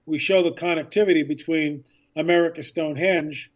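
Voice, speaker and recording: A man guesting on a radio interview as an author and filmmaker, telling a story with excitement and acting out past conversations. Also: on the high side, fairly quick, muffled recording.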